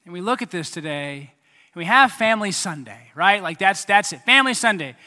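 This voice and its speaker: A man preaching a sermon as pastor, animated, acting out voices and making sound effects. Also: sits high, fairly quick. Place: church hall. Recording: hall reverb.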